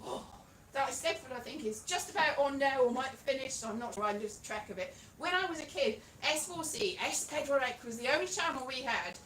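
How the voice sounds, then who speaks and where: A Welsh woman does stand-up comedy for a live crowd, lively and prone to shouting single words. Her voice is high and bright, and it sounds roomy, picked up from some distance away in the venue. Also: fairly quick, slight background noise. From Wales. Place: live show in a pub venue.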